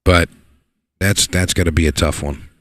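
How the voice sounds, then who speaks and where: A man giving live play-by-play commentary on a pool match, excitable and repeating words for emphasis. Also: deep voice, moderate pace, dry recording. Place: pool hall.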